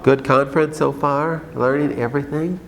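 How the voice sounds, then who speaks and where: A man's voice: on the high side, steady tone, moderate pace, vocal fry, crowd noise, poor audio. A man with a Minnesotan accent, a doctor giving a conference presentation to a live audience, chatty and self-deprecating with many fillers.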